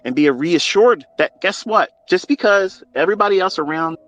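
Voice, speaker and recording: Blunt, preachy middle-aged man, slightly high. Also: animated, moderate pace, soft background music. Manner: blunt and preachy, swears freely, swings between hushed and loud. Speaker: trading mentor. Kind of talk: impassioned motivational talk. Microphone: phone.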